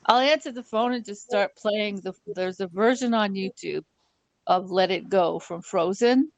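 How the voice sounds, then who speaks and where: A woman telling a story in casual chat on a live stream, animated and laughing often as she goes. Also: medium pitch, moderate pace, no room sound, low-quality recording.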